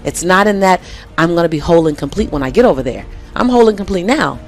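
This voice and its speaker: A woman's voice: fairly low pitch, lively intonation, fast, faint music behind. A woman guest in a conversational interview, speaking emphatically and repeating key phrases for effect.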